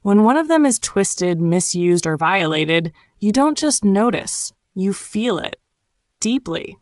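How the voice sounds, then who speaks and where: A woman reading a scripted narration for English learners, measured and reflective, delivered in short phrases. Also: mid-range voice, sing-song, no echo, clean studio sound. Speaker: podcast narrator.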